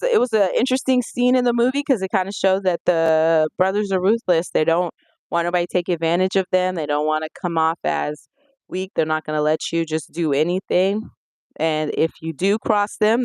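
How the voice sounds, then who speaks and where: Smooth-voiced casual movie reviewer. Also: mid-range voice, no echo. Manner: conversational, retells scenes with lively acted-out quotes.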